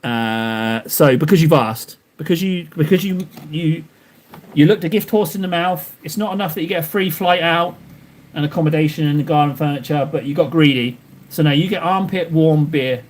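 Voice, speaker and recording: A man's voice: fairly high pitch, moderate pace. A young man chatting casually to his live-stream viewers while he paints miniatures, rambling and poking fun at himself. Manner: rambling, self-mocking, talks to chat while painting.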